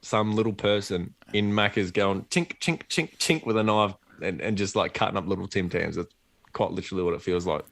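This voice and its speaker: A low-voiced Australian man co-hosting a relaxed podcast chat. He swears freely, rambles through his stories and laughs often. The sound is dry and close. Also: brisk, vocal fry, dry recording. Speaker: podcast co-host. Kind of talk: casual chat.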